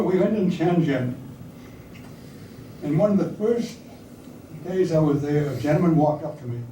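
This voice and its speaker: An older man recounts his memories to a room of listeners, chatting and now and then putting questions to them. His voice sits a little high for a man but has a mellow tone. It is picked up from a distance in a roomy, echoing hall. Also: a little hiss or hum. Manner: anecdotal, conversational, asks audience questions. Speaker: speaker recounting wartime service. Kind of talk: storytelling talk to an audience. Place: hall or meeting room with audience. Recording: echoey room, speaker far from mic.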